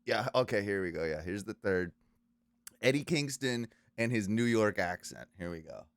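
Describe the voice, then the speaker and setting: A man's voice: lowish voice, animated, clear, resonant tone, no echo. A man in his thirties hosting a podcast in casual chat, talking loosely with many restarts and filler sounds. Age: 30s. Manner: loose, halting, lots of uh and restarts. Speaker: podcast host.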